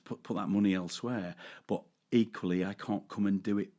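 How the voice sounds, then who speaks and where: A man's voice: lowish voice, fairly even intonation, a little fast, warm tone. A middle-aged man, chatting casually as a podcast co-host and telling anecdotes. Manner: chatty storyteller who acts out fans in put-on voices. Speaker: podcast co-host, tribute singer. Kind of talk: casual chat.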